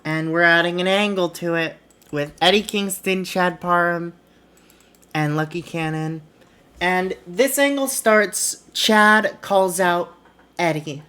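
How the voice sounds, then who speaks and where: A woman's voice: on the low side, slow, fairly bright tone, clear, resonant tone. A woman streamer casually narrating a wrestling booking game, retelling scenes in a chatty way.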